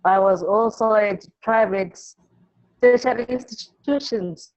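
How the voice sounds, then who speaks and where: A woman teacher from Zimbabwe, answering an interview by telling classroom stories in a halting way, repeating words and acting out the pupils she quotes. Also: medium pitch, a little mellow, muffled recording.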